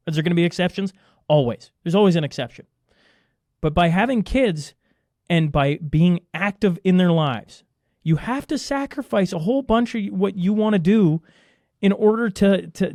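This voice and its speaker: A man's voice: fairly high pitch, darkish tone, no echo, studio quality. A middle-aged man, talking emphatically as a podcast guest and answering his own rhetorical questions. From Canada. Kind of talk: casual conversational interview.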